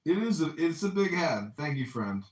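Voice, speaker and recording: A man's voice: on the high side, sing-song, normal speed, echoey room. A man hosting a casual live chat with a caller, teasing her with mock-sincere, jokey banter. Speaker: host.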